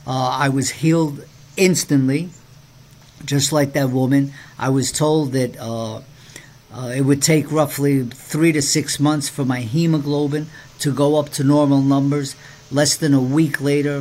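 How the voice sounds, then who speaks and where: A man's voice: mid-range voice, steady tone, measured pace, a little mellow. A man co-hosting a faith podcast and preacher, giving an earnest personal testimony in casual conversation, with many restarts.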